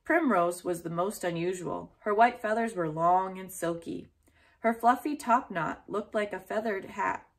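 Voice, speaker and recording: Lady reading a kids' chapter book out loud, gentle and steady, mid-pitched voice. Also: measured pace. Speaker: storyteller. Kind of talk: reading a children's book aloud.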